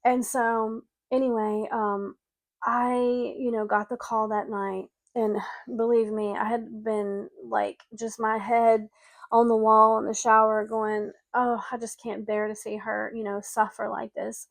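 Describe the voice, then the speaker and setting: A woman's voice: fairly high pitch, little pitch movement, a little slow, vocal fry, no room sound. A middle-aged woman telling a personal story of grief and speaking earnestly to listeners who have lost someone. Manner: earnest, emotional, speaks directly to grieving listeners. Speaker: spiritual coach and medium.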